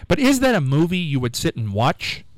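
A man's voice: fairly high pitch, wildly swooping pitch, moderate pace, dry recording, low-quality recording. A man hosting a live radio show, chatting casually and teasing his co-host. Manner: joking, teasing banter.

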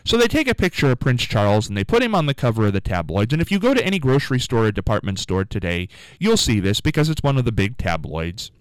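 A man hosting a radio show, telling a rambling story with animated asides in a casual on-air monologue. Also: mid-range voice, fast talker, few pauses, clear, resonant tone, no echo, low-quality recording.

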